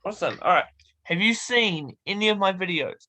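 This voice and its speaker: A man hosting a casual interview over a video call, unhurried and easygoing. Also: sits high, lively intonation, pushed and bright, rough recording. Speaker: host.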